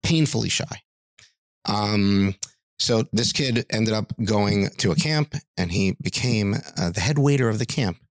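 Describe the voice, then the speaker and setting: A man's voice: fairly low pitch, unhurried, no echo, clean studio sound. A middle-aged man, a music teacher, telling stories in a podcast interview and acting out the voices of people he quotes.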